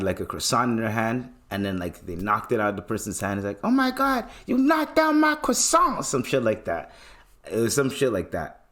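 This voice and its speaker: A young man from Canada hosts his own podcast, his voice sitting a little low. He talks loosely and rambles, full of slang and casual swearing. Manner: laid-back, swears often, slangy, rambling. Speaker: podcast host. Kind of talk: casual solo podcast talk.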